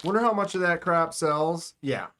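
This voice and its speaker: This livestream host is a man whose fairly high, fairly bright voice moves at a normal speed. In a casual chat, he addresses his viewers directly with a joking, sarcastic tone.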